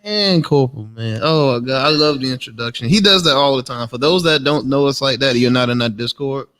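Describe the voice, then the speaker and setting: A man's voice: medium pitch, brisk, fairly bright tone. A man hosting a casual gaming podcast, joking around in loose slang. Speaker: podcast host.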